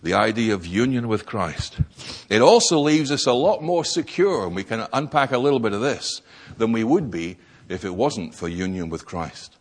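A man's voice: on the low side, expressive, normal speed, husky. A man preaching a sermon, stressing key words and posing rhetorical questions.

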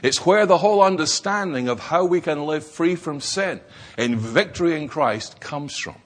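A man's voice: a little high, expressive, moderate pace. A man preaching a sermon, stressing key words and posing rhetorical questions.

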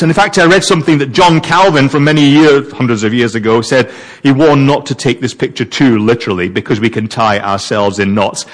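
A man's voice: medium pitch, fairly quick. A man preaching a sermon, reading verses and wondering aloud over their meaning. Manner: animated, wondering aloud, mixes reading with asides.

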